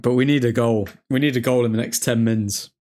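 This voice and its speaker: A man hosting a live football watchalong, reacting to each chance with loud excitement and grumbling at the referee. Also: medium pitch, brisk. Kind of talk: live match commentary.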